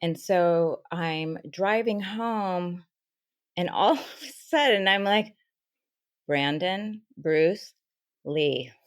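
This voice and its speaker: A woman's voice: fairly low pitch, drawn-out words, no room sound, clean studio sound. A woman, a spiritual teacher and medium, telling a story in a podcast conversation and acting out the dialogue she recalls. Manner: animated storyteller, acts out quoted dialogue, soft asides.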